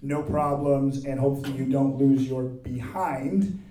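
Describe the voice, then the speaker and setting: A man who organizes a convention, talking in an easygoing, candid way in a casual interview, his voice hoarse and worn out. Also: mid-range voice, fairly even intonation, measured pace, mellow. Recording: distant and echoey in a large room.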